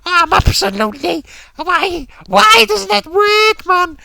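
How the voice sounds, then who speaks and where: A man's voice: very high voice, a little slow, voice pushed up, full character voice. A man doing a squealing, ranting streamer guy. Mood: raging. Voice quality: squealing, shouting. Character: excitable man streamer, gushing then ranting.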